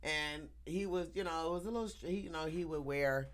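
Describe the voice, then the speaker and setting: A woman telling a story in casual chat, animated and laughing often, acting out the people in it. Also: deep voice, fairly quick. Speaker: teacher.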